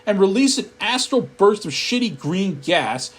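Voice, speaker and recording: A man narrating a comedic horror story in a profane, deadpan storytelling manner. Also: sits high, a little slow, husky.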